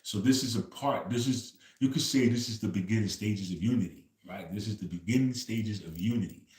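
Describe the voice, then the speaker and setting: A man's voice: lowish voice, a little fast, darkish tone. Man chatting loosely in a roomy space. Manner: loose storytelling, says "bro" after nearly every phrase. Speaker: livestream host. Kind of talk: casual livestream chat.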